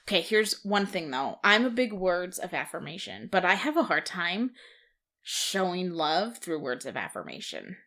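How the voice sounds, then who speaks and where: A woman in her thirties co-hosting a casual podcast chat, telling stories with lively quoted asides. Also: fairly low pitch, normal speed. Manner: chatty, storytelling with quoted asides. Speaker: podcast co-host.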